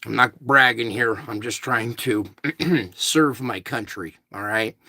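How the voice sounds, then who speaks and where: Gravelly fifties man ranting to viewers. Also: mid-range voice, takes it slowly, bright, forceful tone, no echo. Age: 50s. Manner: emphatic, ranting, addresses listeners with "okay?". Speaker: vlogger. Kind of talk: rambling monologue to viewers.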